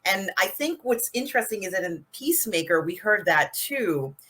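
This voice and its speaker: A woman co-hosting a casual chat, giving thoughtful, measured opinions with many fillers. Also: mid-range voice, lively intonation, a bit bright, breathy edge. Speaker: co-host.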